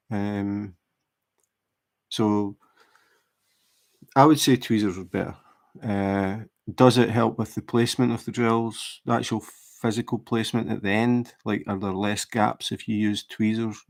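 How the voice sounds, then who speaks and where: A man chatting casually while he works on a craft project, explaining tips in a relaxed way with fillers and restarts. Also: lowish voice. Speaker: diamond painting livestreamer.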